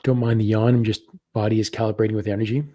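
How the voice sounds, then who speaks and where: A man with a low, husky voice guides a live spiritual practice. He talks slowly and softly, pausing as he reads viewer comments and describes what he senses. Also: level tone. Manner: slow, soft-spoken, reads viewer comments aloud. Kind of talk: live guided meditation session.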